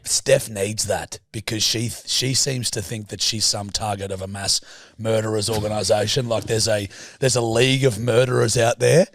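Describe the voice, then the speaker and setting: A man's voice: on the low side, steady tone, moderate pace, dry recording, studio quality. A young man co-hosting a podcast, telling stories in casual chat with plenty of swearing and laughter. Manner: swearing, storytelling, laughs often. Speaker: podcast co-host.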